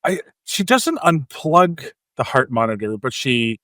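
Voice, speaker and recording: On a movie podcast, a Canadian co-host talks at a measured pace with a medium-pitched voice in a dry recording. His storytelling is lively and relaxed as he walks through scenes, performing lines and sound effects.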